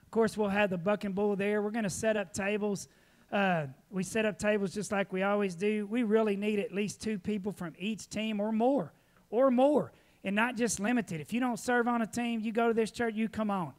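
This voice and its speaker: High-voiced preacher, folksy. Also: male voice, brisk. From Texas. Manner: folksy storytelling, animated, laughing often. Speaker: pastor. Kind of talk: sermon with church announcements. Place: church.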